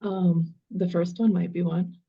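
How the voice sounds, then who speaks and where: A woman's voice: on the low side, fairly even intonation, unhurried, vocal fry, slightly rough, dull audio. A woman student in an online class, reading aloud hesitantly and carefully, one word at a time.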